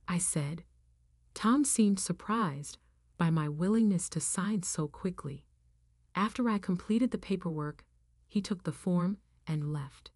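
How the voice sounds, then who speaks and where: A woman narrating a first-person story in a firm, even reading voice. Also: on the low side, measured pace, no room sound, studio quality.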